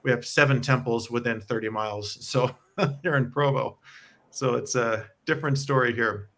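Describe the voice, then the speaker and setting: A man's voice: mid-range voice, normal speed, fairly bright tone. An American man co-hosting a casual chat about church talks, explaining things at length and laughing often, speaking from home. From United States. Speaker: podcast co-host. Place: home in Provo, Utah.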